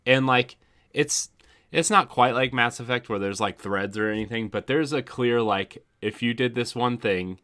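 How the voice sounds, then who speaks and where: A man's voice: mid-range voice, moderate pace, sharp tone. A man co-hosting a gaming podcast, chatting casually and enthusiastically, with lots of "like" fillers. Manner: enthusiastic, filler-heavy rambling. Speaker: podcast co-host. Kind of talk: casual chat.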